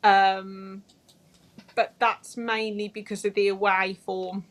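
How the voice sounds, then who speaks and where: A woman's voice: mid-range voice, flat delivery, slow. A woman on a podcast, giving her views in a plain-spoken, emphatic way during a casual football chat.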